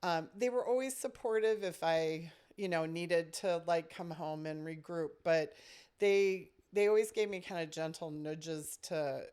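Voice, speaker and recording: A woman's voice: on the low side, a little slow, darkish tone, smooth. A woman who directs a summer camp, telling a personal story in casual podcast chat, reflective and full of "you know" fillers.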